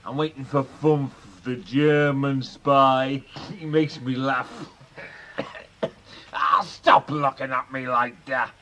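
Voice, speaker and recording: An actor playing a belligerent, drunken older father from Liverpool who shouts, bullies and breaks into coughing fits, in a radio drama. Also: mid-range voice, fairly even intonation, takes it slowly.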